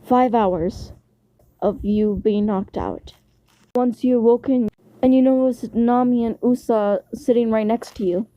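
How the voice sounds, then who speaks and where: A woman reading a second-person fan fiction story aloud to the listener in a plain, steady way. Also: fairly high pitch, no room sound, highs cut off.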